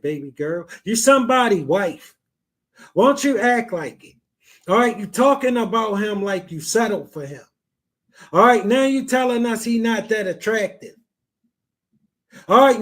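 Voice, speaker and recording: Male podcast host, very high-pitched, blunt and repetitive. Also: animated, a little slow, pauses often. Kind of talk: blunt advice talk.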